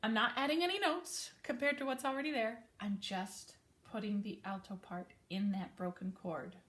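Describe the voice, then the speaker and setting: At medium pitch and a moderate pace, a woman gives an easygoing piano lesson, explaining chords plainly and correcting herself now and then. She sounds casual and friendly, pausing her talk to play the piano.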